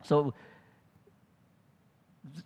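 A man's voice: extremely slow, a little mellow. A man preaching a conversational Bible-teaching sermon. He thinks aloud as he goes, with restarts and rhetorical questions. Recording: long hall reverb.

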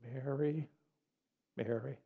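Soft calming teacher figure, put on by a man, dull lo-fi hall sound. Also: medium pitch, normal speed, natural voice. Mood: tender. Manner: soft, tender and reassuring. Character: gentle compassionate male spiritual teacher. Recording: dull lo-fi audio with long hall reverb.

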